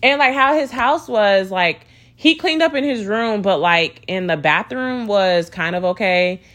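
A woman's voice: medium pitch, lively intonation, a little slow, fairly bright tone. A young woman telling a dating story as a casual storytime rant, swearing freely and sounding exasperated, with lots of "like" and "you know".

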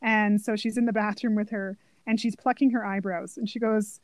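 A woman's voice: medium pitch, fairly even intonation, moderate pace, hardly any pauses, no room sound, poor audio. A woman co-hosting a casual podcast about a movie, enthusiastically retelling scenes in detail. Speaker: podcast co-host. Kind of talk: casual movie discussion chat.

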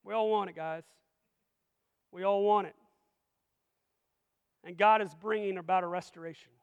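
High-voiced pastor guy, pumped up, keeps asking the crowd questions, big echoey church. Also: moderate pace, smooth, phone-quality sound. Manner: energetic, full of rhetorical questions to the congregation. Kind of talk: sermon. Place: church sanctuary. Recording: long reverb of a large hall.

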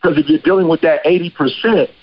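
A man hosting a podcast in casual chat, a slangy, animated storyteller. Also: on the high side, quick pace, dull audio. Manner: slangy, animated storyteller who acts out quotes. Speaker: podcast host.

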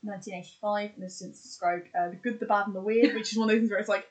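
A woman's voice: medium pitch, steady tone, rapid-fire, poor audio. A woman in casual podcast chat, running through examples with lots of fillers and restarts. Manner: chatty, lists examples with many fillers and restarts. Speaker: podcast co-host.

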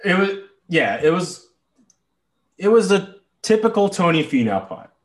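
Animated, exasperated man. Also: high-pitched, measured pace. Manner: animated, exasperated, swears freely. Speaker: podcast co-host. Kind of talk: casual chat.

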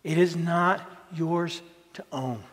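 A man preaching a sermon as a pastor, earnest and plain-spoken, rising in pitch when he presses a point. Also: slow pace, a bit bright. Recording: long hall reverb.

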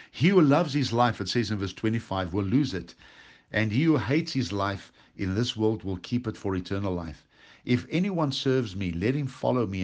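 A man teaching from scripture in a sermon, reading verses aloud and stressing words slowly and emphatically. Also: fairly low pitch. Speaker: pastor. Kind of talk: sermon, Bible study.

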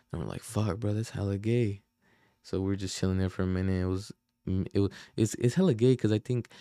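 A man's voice: on the low side, dark tone, no room sound, clean studio sound. Slangy young man telling a rambling story. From Oakland, California. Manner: slangy, profane, rambling with many fillers. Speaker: podcast host. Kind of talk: casual storytelling.

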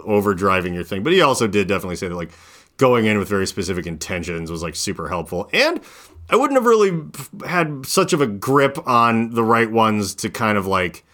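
A man in his thirties talking casually as a podcast host, rambling and animated, with lots of fillers. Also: lowish voice, fairly quick. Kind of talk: casual chat.

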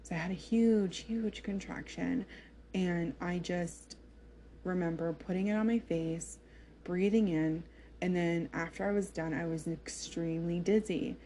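Young woman, chatty personal storyteller, dark mellow tone, faint room noise underneath. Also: lowish voice, fairly even intonation, measured pace. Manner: chatty, filler-heavy, emotional retelling. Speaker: mother telling her birth story.

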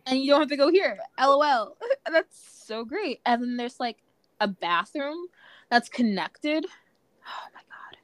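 A young woman co-hosting a podcast in casual chat, talking fast with lots of "like" fillers. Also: high-pitched, expressive, dry recording. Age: young adult. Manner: chatty, many "like" fillers. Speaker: podcast co-host.

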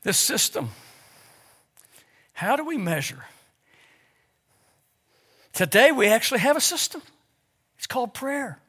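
A man's voice: sits high, fairly bright tone. A man preaching a sermon to his congregation in a church, full of rhetorical questions and stammered restarts. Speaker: pastor. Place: church sanctuary.

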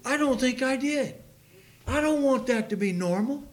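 Older male preacher, high-pitched voice, emphatic sermon delivery, trips over difficult names in scripture. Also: expressive, normal speed. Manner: emphatic, impassioned, with sudden loud outbursts; stumbles over hard names while reading aloud.

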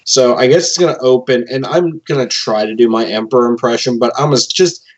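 A man's voice: medium pitch, fairly quick, lo-fi sound. Chatty male co-host telling a bit. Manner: insistent, storytelling. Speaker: podcast co-host. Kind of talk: casual chat.

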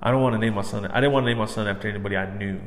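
A man as guest in a casual chat, easygoing and halting, saying bro and man. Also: fairly low pitch, steady tone, big-room sound, slight background noise. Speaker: podcast guest.

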